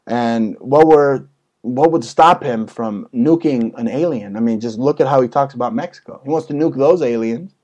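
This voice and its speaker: A young man hosting a casual talk show, ranting crudely and jokingly with sudden loud outbursts. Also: medium pitch, normal speed, dull audio. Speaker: host.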